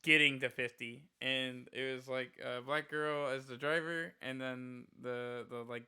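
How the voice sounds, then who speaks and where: A man's voice: mid-range voice, fairly even intonation, unhurried, pushed and bright, clean tone. A male live streamer telling a rambling, profane story in casual chat, full of "like" fillers.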